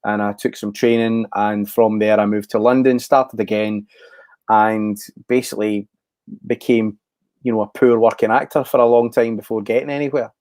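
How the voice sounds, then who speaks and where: A Scottish man in his forties, an actor talking in a casual interview, thoughtful and halting with frequent restarts. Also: on the low side, little pitch movement, darkish tone, dry recording. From Scotland. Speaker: actor, guest.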